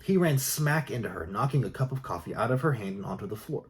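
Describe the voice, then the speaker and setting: A man reading jokes aloud in a soft, unhurried ASMR style. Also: mid-range voice, animated. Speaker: joke reader.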